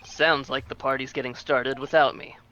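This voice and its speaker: A man's voice: medium pitch, steady tone, moderate pace, bright, forceful tone, dull audio, a little hiss or hum. A man casually commenting on a story game and playfully putting on silly voices. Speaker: let's play co-host. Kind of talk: casual let's play commentary.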